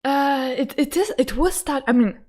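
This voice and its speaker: A woman with a voice, commenting casually on a game she is streaming, excitable, stammering and laughing often. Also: high voice, moderate pace. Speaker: gaming streamer. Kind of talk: casual let's-play commentary.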